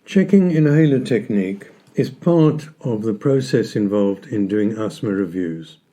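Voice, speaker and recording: Man, health educator, very mellow deep-toned voice, lowish pitch, measured and emphatic. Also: animated. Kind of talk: scripted educational talk.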